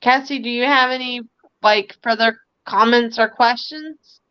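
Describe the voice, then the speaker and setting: A high, bright woman's voice chatting through a psychic reading on a live stream, full of "like" and quick asides. The sound is dry and a bit dull, like lo-fi stream audio. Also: fairly even intonation, smooth, no room sound. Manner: relays spirit messages in a chatty way with many "like" fillers. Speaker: psychic medium and host.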